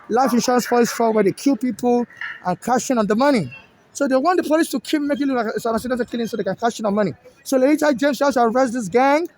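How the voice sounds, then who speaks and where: A man with a Nigerian accent and a very high voice vents outdoors. He talks fast and keeps circling back to the same grievances, speaking straight to the official he blames. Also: background noise. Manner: agitated, repetitive, addresses an official directly. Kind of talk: direct-to-camera complaint. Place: outdoors in a city.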